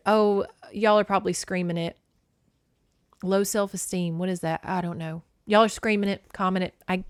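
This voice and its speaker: A woman hosts a podcast in a loose, irreverent chat. Her pitch sits in the middle. The sound is dry and close, with no room echo. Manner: chatty, irreverent, laughs often. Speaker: podcast host. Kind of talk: casual book recap.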